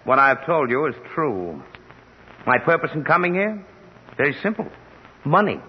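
A man playing a debonair, lying brother asking for money in a 1940s radio drama, smooth and pleading. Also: fairly high pitch, very animated, normal speed. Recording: dull old radio recording, echoey, breathy.

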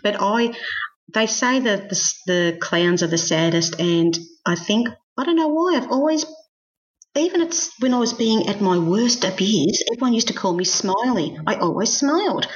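A woman's voice: mid-range voice, lively intonation, moderate pace. A middle-aged woman recounts her life as a podcast guest. She is frank and self-mocking and laughs easily through hard memories. Her voice sits mid-range, and the recording has a slightly muffled, lo-fi quality. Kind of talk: personal storytelling interview. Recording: slightly dull lo-fi sound.

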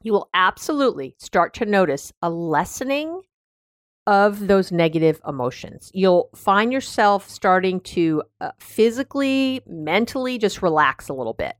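A woman talking through a self-help idea in a loose, chatty podcast monologue, pitched at a middling height. She laughs often and starts sentences over, recorded on a dry, close mic. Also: lively intonation, moderate pace, no echo. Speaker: podcast host.

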